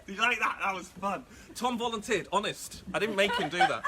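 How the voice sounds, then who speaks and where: A man preaching as a pastor, telling a Bible story in a playful, animated way with frequent laughs. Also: sits high, brisk, heavy background noise. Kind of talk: lively Bible storytelling sermon.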